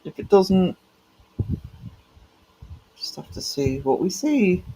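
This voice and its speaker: High-voiced man chatting on stream. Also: big pitch swings, slow pace, mellow, slightly rough, low-quality recording. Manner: chatty, greets viewers by name, affectionate pet names. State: voice cracking. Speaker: live streamer. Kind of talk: casual live-stream chat with viewers.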